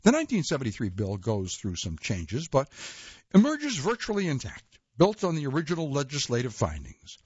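Husky man reading nonfiction aloud, lively pitch. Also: dry recording. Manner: measured reading with occasional slips and self-corrections. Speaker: reader. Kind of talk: read-aloud nonfiction narration. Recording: dull lo-fi dry recording.

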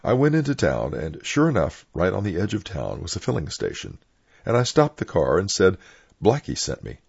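Gravelly deep-voiced older clergyman storyteller. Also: wildly swooping pitch, a little mellow, dry recording. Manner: plain unhurried storytelling. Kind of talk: reading personal anecdotes aloud. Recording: dull lo-fi dry recording.

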